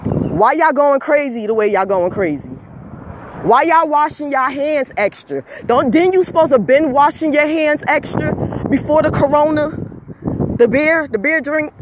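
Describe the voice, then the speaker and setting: A man's voice: very high voice, background noise. A man delivering a heated, emphatic monologue rant, repeating himself, scolding listeners and swearing when worked up.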